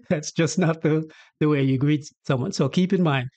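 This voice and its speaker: A man's voice: on the high side, moderate pace, dry recording. Jamaican man with a dry, close sound. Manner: relaxed, chatty, acts out dialogue in Patois. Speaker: host explaining Jamaican Patois. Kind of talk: casual explainer.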